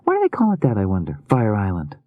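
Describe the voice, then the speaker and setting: A man's voice: lowish voice, wildly swooping pitch, fast, no room sound, dull audio, pitched above the performer's own voice. A male narrator voicing an eager, quirky young woman with a lifted, girlish tone. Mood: curious.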